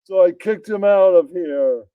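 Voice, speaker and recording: A man voicing a brash, blustering male bartender and bar owner who shouts at his customers. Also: high-pitched, a little slow, clean tone, no room sound, phone-quality sound. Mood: ranting.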